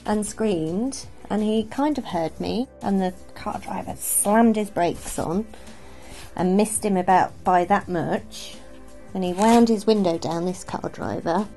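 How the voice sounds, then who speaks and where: A woman from England answering interview questions about dogs, an animated storyteller who acts out the voices in her story. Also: mid-range voice, slow, gravelly, soft background music. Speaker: dog trainer interviewed as guest. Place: outdoors by a river.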